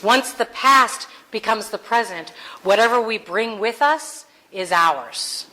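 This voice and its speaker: A woman's voice: fairly high pitch, expressive, takes it slowly, pushed and bright, low-quality recording. A woman preaching a conversational Sunday sermon, earnest with playful asides. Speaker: minister.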